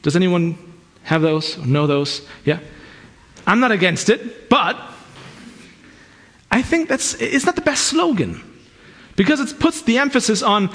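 A man with a fairly high, husky voice delivers a sermon. He talks earnestly and conversationally, often backing up to restart a phrase as he goes. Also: animated, unhurried, long pauses, fairly bright tone. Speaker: preacher.

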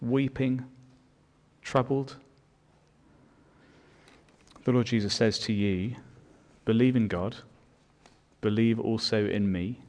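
A man's voice: fairly low pitch, takes it slowly, long pauses, darkish tone. A man preaching a sermon as pastor, earnest and building in volume on his key points.

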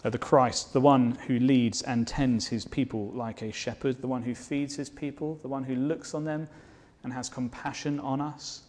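Male preacher, mid-pitched, earnest sermon delivery that builds to fervent declarations. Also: fairly even intonation, normal speed, few pauses, a little mellow. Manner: rhetorical questions to the listeners.

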